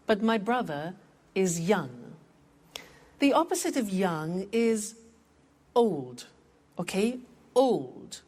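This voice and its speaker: Slow, patient woman teaching English. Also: medium pitch, a little mellow. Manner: clear, patient explaining that repeats words for practice. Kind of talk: scripted language lesson.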